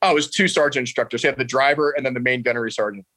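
A man's voice: mid-range voice, very fast, dry recording, low-quality recording. A man, a podcast guest telling stories animatedly and laughing often. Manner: animated, laughs often, quotes others in raised voice. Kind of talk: casual storytelling.

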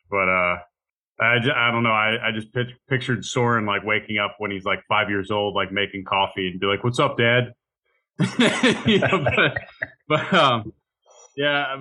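A man co-hosting a podcast in a casual chat. His voice is bright and forward, and he sounds worn out. He rambles through his stories and acts out what others said. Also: on the low side, poor audio. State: tired. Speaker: podcast co-host.

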